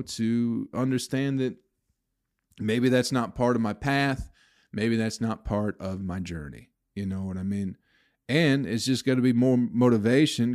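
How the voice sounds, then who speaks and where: A man's voice: mid-range voice, a little mellow, dry recording, clean studio sound. A man hosting his own podcast, venting in a profane, bitter, rambling way about the comedy business. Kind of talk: casual solo podcast rant.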